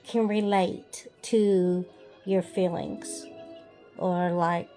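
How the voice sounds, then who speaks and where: A woman, talking slowly and hesitantly in a personal vlog, pausing often with "um". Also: lowish voice, fairly even intonation, warm tone, faint music behind. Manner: slow, hesitant, many "um"s and pauses. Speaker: hobby farm vlogger.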